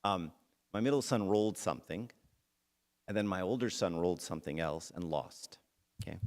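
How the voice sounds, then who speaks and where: A man's voice: sits low, normal speed, a little mellow. A middle-aged man giving a conversational church talk that centres on a personal story, speaking straight to the audience. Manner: conversational, addresses the audience directly.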